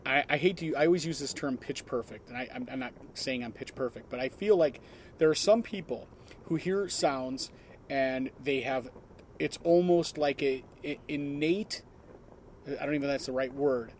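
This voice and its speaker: A man's voice: mid-range voice, normal speed, slight background noise. A man in casual chat, thinking aloud and searching for his words. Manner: reflective, searches for words, restarts. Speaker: podcast co-host.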